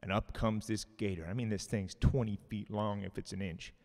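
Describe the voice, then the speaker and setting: A man's voice: lowish voice, moderate pace, gravelly. Man telling a joke in a reverberant hall. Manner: animated storytelling with acted-out voices. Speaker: joke teller at a party.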